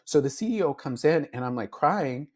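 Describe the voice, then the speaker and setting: A male beauty influencer, speaking as an interview guest, shares his story in a slightly high, darkish voice, animated but at a moderate pace. It's a candid, emotional conversation, heavy with fillers, where he acts out his earlier thoughts.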